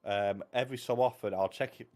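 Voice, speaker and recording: A man's voice: on the low side, steady tone, fairly quick, a little mellow. A man chatting casually as a book channel host, rambling and wry, cutting himself off mid-sentence. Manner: rambling, self-interrupting, wry. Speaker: booktube host. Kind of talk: casual chat.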